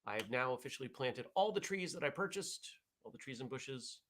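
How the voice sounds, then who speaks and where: A man hosting a casual morning vlog show, chatting in a relaxed, rambling way as he reads viewer comments. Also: medium pitch, fairly quick.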